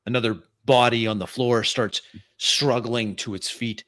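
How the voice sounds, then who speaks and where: Male game master narrating a tabletop game, unhurried and halting, bright voice. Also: mid-range voice, steady tone. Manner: halting descriptive narration with fillers. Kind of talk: narrating a tabletop role-play.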